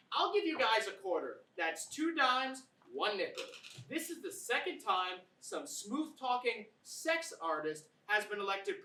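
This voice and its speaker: A woman's voice: on the high side, pushed and bright, a little hiss or hum. A woman playing a brash, conspiratorial TV pundit who rants and hypes a scandal in a comedy sketch. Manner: bombastic, ranting, conspiratorial. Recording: roomy, distant mic.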